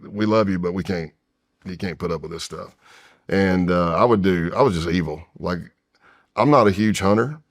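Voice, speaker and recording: Deep-voiced man telling a story. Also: normal speed. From United States. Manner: rambling and candid, with frequent restarts and asides. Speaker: podcast guest, retired federal agent. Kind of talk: casual storytelling in a long-form interview.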